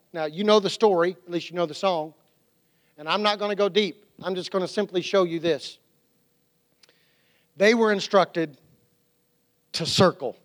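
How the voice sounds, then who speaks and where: A man preaching a sermon as a pastor, animated, with restarts and quotes he acts out. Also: high voice.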